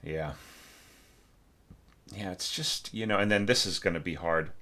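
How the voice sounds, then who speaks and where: A man with a very low voice talks through a student's orchestral score as a teacher. His critique is casual and chatty, with frequent fillers, restarts and the odd hummed phrase. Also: a little slow, bright, forceful tone. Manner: conversational, with many fillers and restarts; hums musical lines aloud.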